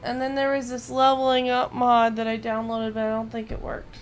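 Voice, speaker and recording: A woman's voice: a little high, completely flat delivery, moderate pace, a little hiss or hum. A young woman giving casual, blunt gameplay commentary, swearing and mocking the game. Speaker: gaming streamer.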